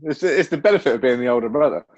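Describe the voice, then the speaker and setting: A man's voice: mid-range voice, expressive, racing, dry recording, highs cut off. A man as a podcast guest in casual chat, dry and teasing. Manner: dry, teasing, self-described grumpy.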